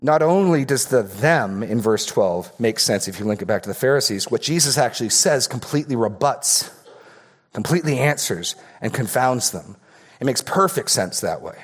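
A man's voice: medium pitch, animated, moderate pace, breathy edge. A man preaching an expository sermon as pastor, earnest and emphatic, often repeating key phrases for stress.

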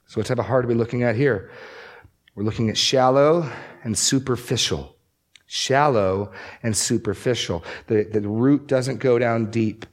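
A man's voice: medium pitch, normal speed. A man preaching as a pastor, emphatic and repeating key phrases for stress. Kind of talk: sermon.

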